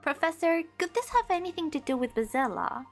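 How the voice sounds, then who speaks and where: A woman's voice: extremely high pitch, sing-song, a little fast, faint music behind, pitched above the performer's own voice, exaggerated voice. A woman reading out the lines of a curious young boy apprentice in a puzzle game.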